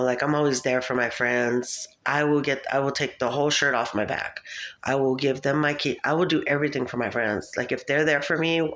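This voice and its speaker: A woman's voice: very deep voice, a bit bright. A woman talking to the camera in a casual, rambling monologue, chatty and laughing often. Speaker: vlogger.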